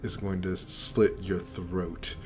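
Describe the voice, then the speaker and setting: A man voicing a disdainful, menacing male dragonborn in a tabletop game, in a low, slow, quiet voice. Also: flat delivery, faint music behind.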